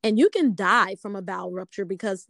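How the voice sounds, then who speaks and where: A woman speaking earnestly in a casual conversation, measured, with fillers and self-corrections. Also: medium pitch, creaky, fairly bright tone, dry recording.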